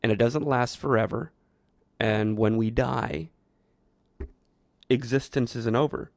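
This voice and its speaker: A man's voice: medium pitch, takes it slowly, gravelly, dry recording, studio quality. A man hosting a show, talking through his thoughts in a rambling, reflective monologue with frequent restarts. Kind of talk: casual monologue.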